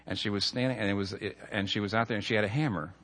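A man's voice: fairly low pitch, fairly even intonation, racing, a bit bright. A middle-aged man, a pastor, preaching a sermon with earnest storytelling and numbered points. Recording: long hall reverb.

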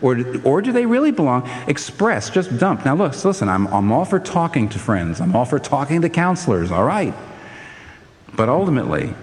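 An older man preaching a sermon in an animated way, his voice climbing to emphatic peaks, with frequent restarts. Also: mid-range voice, normal speed, long reverb tail.

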